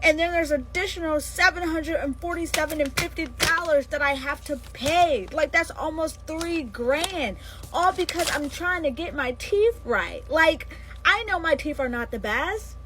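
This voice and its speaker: A high-voiced woman rants into the camera in a casual vlog. She sounds irritated and exasperated throughout. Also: normal speed, background noise.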